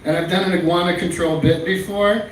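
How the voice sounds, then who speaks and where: Fairly high-voiced male comic, crude and rambling, heard from far off in a very echoey club room. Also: steady tone, fairly quick. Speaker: stand-up comic. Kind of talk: stand-up comedy set. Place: small comedy club stage. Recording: echoey room, far-off mic, faint noise.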